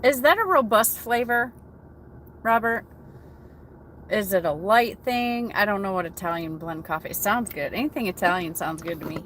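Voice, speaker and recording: A woman's voice: medium pitch, moderate pace, a bit bright, a little hiss or hum. An American woman hosting a casual morning coffee chat from her truck cab, greeting viewers by name. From United States. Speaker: trucker livestream host.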